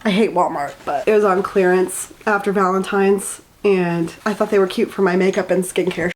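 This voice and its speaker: A young woman rants her way through a book review in a blunt, sarcastic, fired-up way. Her voice still carries a sick, worn-out tiredness. She speaks at an ordinary middle pitch for a woman. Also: steady tone, moderate pace, slight background noise. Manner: candid, sarcastic, fired-up ranting. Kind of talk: casual rant review. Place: indoors in a house, in a spinning chair.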